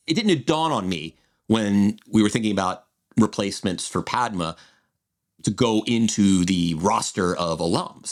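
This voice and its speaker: A man in his forties co-hosting a podcast, chatting in a digressive way with frequent restarts. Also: deep voice. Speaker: podcast co-host. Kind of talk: casual chat.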